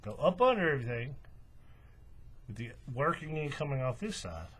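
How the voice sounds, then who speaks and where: A man explaining a craft step by step in a relaxed, folksy way. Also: medium pitch, normal speed, a little hiss or hum. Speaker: craft tutorial host. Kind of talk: hands-on tutorial walkthrough.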